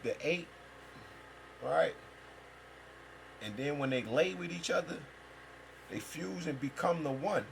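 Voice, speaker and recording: A man's voice: mid-range voice, a bit bright, slight background noise, low-quality recording. A man giving a free-flowing spiritual talk as a teacher, rambling and emphatic, with heavy slang and profanity.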